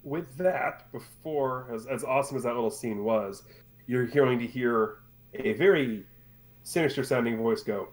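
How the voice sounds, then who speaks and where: A man acting as game master, narrating and handling rules in a relaxed, matter-of-fact way. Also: mid-range voice, unhurried.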